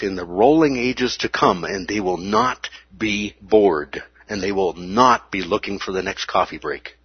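Lively man preaching, dull lo-fi sound. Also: medium pitch, slightly rough, no echo. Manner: animated, with playful asides and acted-out exclamations. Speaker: Bible teacher. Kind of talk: sermon.

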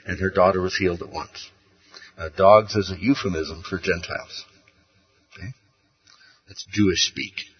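A man's voice: deep voice, steady tone, moderate pace, long pauses. A man teaching a Bible study, in a conversational way, with rhetorical questions and frequent checks of "okay?". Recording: muffled, roomy recording.

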